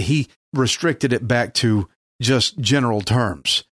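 A man's voice: mid-range voice, measured pace, a bit bright, no echo. Earnest male radio preacher, dry close sound. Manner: earnest, emphatic, acts out biblical quotes. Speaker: pastor. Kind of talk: radio Bible teaching sermon.

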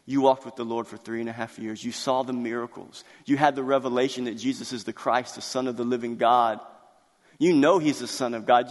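A man delivers a sermon in a large church hall, his medium-pitched voice trailing off into a long reverb. He retells the scripture story with drama, slowing down and swelling in volume on his key points. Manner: dramatic retelling, builds to loud, drawn-out emphasis. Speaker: pastor.

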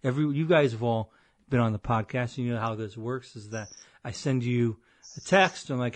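A man's voice: medium pitch, a little fast, no room sound. A man hosting a podcast in casual chat, telling stories in a rambling, self-deprecating way. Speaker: podcast host.

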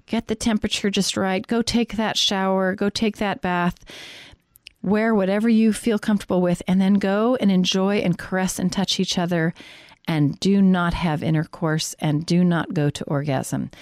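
A woman counselor speaks in an earnest, direct coaching manner, teaching couples from a faith-based angle. Her voice sits at an ordinary middle pitch. The sound is dry and close, with no room around it. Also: a little mellow, no echo.

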